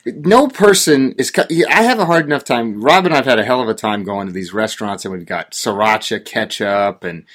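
A man's voice: mid-range voice, expressive, brisk, few pauses, a bit bright. A man from rural Oregon, co-hosting a casual chat and telling a ranting story with growing exasperation. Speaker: podcast co-host.

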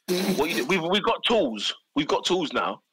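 Lively excitable man, bright and dry. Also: normal speed, breathy edge, no echo, low-quality recording. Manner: excitable, bursts into high laughter. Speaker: podcast co-host. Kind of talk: casual football podcast banter.

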